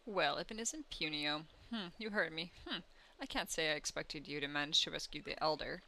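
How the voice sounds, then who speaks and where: A woman's voice: low-pitched, brisk, gravelly, pushed and bright, exaggerated voice, low-quality recording. A woman voicing a haughty, stubborn rival creature in a video game. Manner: haughty, dismissive. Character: stubborn proud rival puni.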